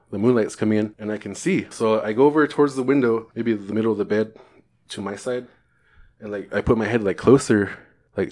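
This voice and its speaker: Podcast guest guy, kinda low voice, casual and animated, swears a lot, lots of likes and um's. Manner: animated, profane, many fillers and restarts. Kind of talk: casual storytelling.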